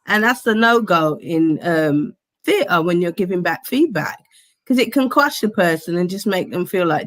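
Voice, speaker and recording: A woman chatting casually on a video call, speaking in a gentle, reflective and soft-spoken way. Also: fairly low pitch, expressive, moderate pace.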